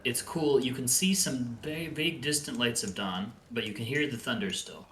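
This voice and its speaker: A man narrating a tabletop game as game master, with relaxed storytelling and hesitant fillers. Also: medium pitch, moderate pace, echoey room, a little hiss or hum.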